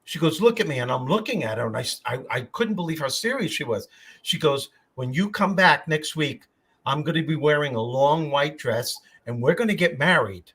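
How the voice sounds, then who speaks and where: An older man with a New York accent, hosting a podcast and telling stories in a husky voice. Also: a little high, moderate pace. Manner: storytelling, animated. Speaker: podcast host. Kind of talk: casual chat.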